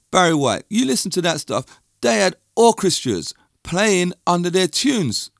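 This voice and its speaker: A man's voice: a little high, dry recording, clean studio sound. A middle-aged man from London with a London accent, talking in a casual, rambling, opinionated monologue that drifts off topic. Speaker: music and dance teacher.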